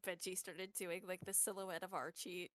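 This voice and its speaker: A woman playing a tabletop game, narrating her character's actions with animated storytelling. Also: lowish voice, normal speed, no echo. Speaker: player. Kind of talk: tabletop role-play chat.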